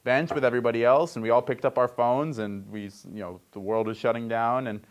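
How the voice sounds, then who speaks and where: A man's voice: medium pitch, fairly even intonation, fairly quick. A young man hosting a comedic sports news report, reading headlines with wry, joking asides.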